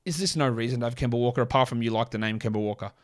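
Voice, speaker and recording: A man hosting a casual sports show, reading off stats quickly with blunt, sarcastic commentary. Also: medium pitch, steady tone. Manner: blunt, sarcastic, rapid-fire stat reading. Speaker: podcast host.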